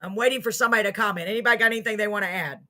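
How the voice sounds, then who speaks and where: A woman hosts a homespun live show, chatting casually to the people watching. She teases herself and thanks her viewers warmly, her voice bright and clear at an everyday middle pitch. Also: racing. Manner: chatty, self-mocking, warm toward viewers. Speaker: host of a live online show. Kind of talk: casual livestream chat to viewers.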